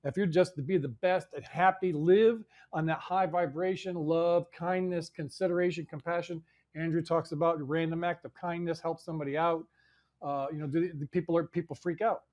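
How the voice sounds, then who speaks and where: A man's voice: a little high, steady tone, moderate pace, darkish tone, highs cut off. A man hosting a live in-person event, talking casually in a rambling way, repeating words and swearing now and then. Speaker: show host. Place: indoor venue in front of an audience.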